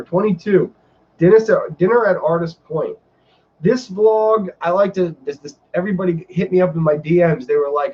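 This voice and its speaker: A man hosting a casual live stream, telling a story in an animated, rambling way with many fillers. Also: a little high, dull audio. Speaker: vlogger host.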